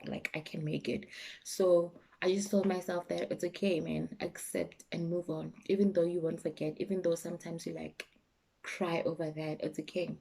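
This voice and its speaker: A young South African woman with a South African accent, talking candidly and emotionally to her vlog viewers, sometimes dropping to a soft, low voice. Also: flat delivery, normal speed, gravelly, slight background noise. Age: young adult. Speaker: YouTuber. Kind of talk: personal vlog chat.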